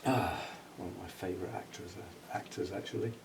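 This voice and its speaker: A low-pitched man talks through a plant-care demonstration in a loose, chatty way, thinking aloud and laughing at his own asides. He stands back from the microphone, so his voice sounds distant, with a faint hiss of noise behind it. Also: steady tone, fairly quick, creaky. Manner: chatty, muses aloud while working, chuckles at himself. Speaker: orchid grower and channel host. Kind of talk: casual hands-on demonstration. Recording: faint background noise, speaking away from the mic.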